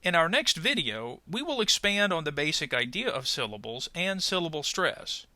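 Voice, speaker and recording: Lively, bright-voiced male pronunciation teacher. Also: a little high, no echo. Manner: clear, deliberate, over-articulates example words. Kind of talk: scripted lesson voice-over.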